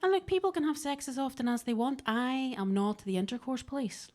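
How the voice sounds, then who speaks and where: Woman comic, dry and deadpan, club stage mic. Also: high voice, brisk. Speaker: stand-up comedian. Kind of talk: stand-up comedy. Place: comedy club basement stage.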